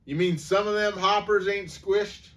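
A man's voice: high-pitched, fairly even intonation, unhurried, recorded from a distance, voice pushed up. A man doing a cranky old woodsman. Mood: indignant. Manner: sputtering, loud. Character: cranky old male woodsman, hot-tempered.

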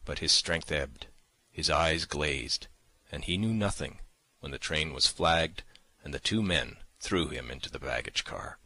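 A man reading a classic novel as audiobook narration, measured and dramatic, on a close mic. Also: rumbling low, sharp tone, no room sound. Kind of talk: scripted narration.

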